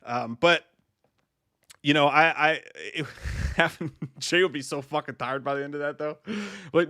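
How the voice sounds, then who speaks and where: A man's voice: fairly high pitch, a little fast, bright, forceful tone, dry recording, clean studio sound. A man co-hosting a casual live stream, swearing freely and rambling in a self-deprecating way. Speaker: co-host of a movie live stream.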